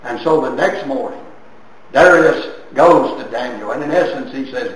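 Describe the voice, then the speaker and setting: A man preaching a sermon, retelling a Bible story with dramatic swings between soft and loud. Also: animated, moderate pace. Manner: dramatic storytelling with sweeping swings of pitch and loudness. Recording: very echoey hall from far off.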